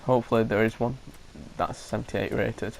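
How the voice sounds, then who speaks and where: A man's voice: fairly low pitch, fairly even intonation, normal speed, vocal fry, a little hiss or hum, low-quality recording. Hesitant man commentating a game. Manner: hesitant, thinking aloud with frequent restarts. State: coughing now and then. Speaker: gaming commentator. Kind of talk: casual gameplay commentary.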